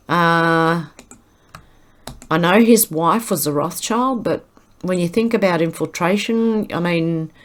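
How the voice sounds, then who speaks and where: An Australian woman talks her way through a casual opinion video, pausing often, filling gaps with ums and starting sentences over. Her voice sits a little low for a woman. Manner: rambling, halting, with many fillers. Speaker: channel host reading posts.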